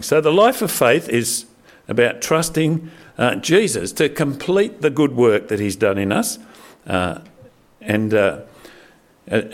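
A middle-aged man preaching a sermon in a conversational, animated way, with frequent fillers and restarts. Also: lowish voice. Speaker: pastor.

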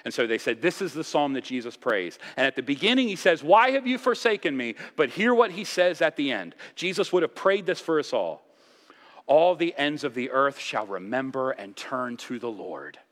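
A man preaches in a medium-pitched voice, swelling on key phrases and sinking low on others. The sound carries a long echo through a church sanctuary. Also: expressive, normal speed, fairly bright tone. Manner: impassioned preaching, rising and dropping for emphasis. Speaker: pastor. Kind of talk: sermon.

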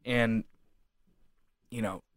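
A man's voice: medium pitch, fairly even intonation, drawn-out words, dry recording, studio quality. A young man telling a casual story at length, rambling with lots of fillers like "like". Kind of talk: casual anecdote.

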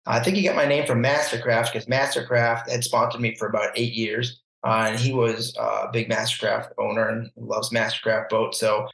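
A man, a guest on a podcast, telling a story in a casual, animated way and acting out the voices he quotes. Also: mid-range voice, moderate pace, creaky, few pauses. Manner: animated, acts out quoted voices, laughs often. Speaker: podcast guest, barefoot water skier. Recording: roomy echo.

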